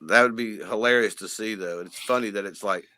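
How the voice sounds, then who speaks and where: A man co-hosting a podcast, making casual joking remarks and quick reactions. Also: fairly low pitch, background noise. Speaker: podcast co-host. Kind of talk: casual chat.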